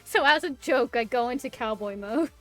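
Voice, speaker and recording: A woman's voice: fairly high pitch, expressive, moderate pace, faint music behind. A bubbly young woman with a Californian accent, hosting a casual livestream interview and giggling often. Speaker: VTuber host, interviewer.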